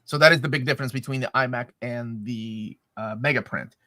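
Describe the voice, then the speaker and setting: A man's voice: mid-range voice, a little fast, pushed and bright, dry recording, studio quality. A man co-hosting a live question-and-answer chat, joking and laughing often. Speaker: co-host.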